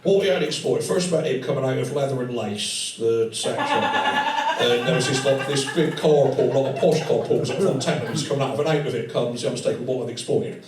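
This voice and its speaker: A man doing stand-up in a very echoey room, caught from some distance, with a crowd laughing around him. He tells rambling, sweary stories at a medium pitch and slips in quick impressions of people. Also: animated. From England. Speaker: stand-up comedian. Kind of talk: stand-up storytelling. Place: tattoo studio with a live audience. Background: audience laughing.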